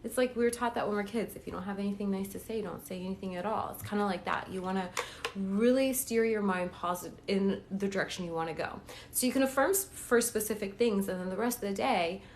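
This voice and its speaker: This is a woman talking straight to her viewers on a phone live stream at home, in a chatty, encouraging coaching manner. Her pitch sits in an ordinary middle range, and a faint hum of room noise runs underneath. She keeps checking in with her audience as she goes. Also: quick pace. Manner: chatty, encouraging, repeats "okay?" and "right?". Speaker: manifestation coach. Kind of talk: casual live-stream talk.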